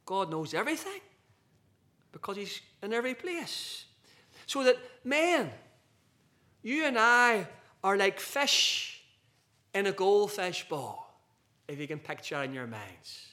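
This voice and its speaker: A man preaching a sermon to a group of men, slow and emphatic, with big swings between loud and soft. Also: high voice, sing-song.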